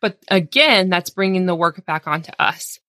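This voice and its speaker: A woman's voice: lowish voice, animated, normal speed, pushed and bright, no room sound, studio quality. A woman in her thirties hosting a solo podcast, talking candidly and encouragingly in a casual conversational way with lots of "like"s. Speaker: podcast host.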